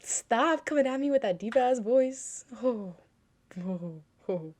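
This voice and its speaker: A woman's voice: on the high side, lively intonation, slow pace, a little mellow. A woman hosting a music reaction video at home, gushing with frequent exclamations and talking to herself as she watches.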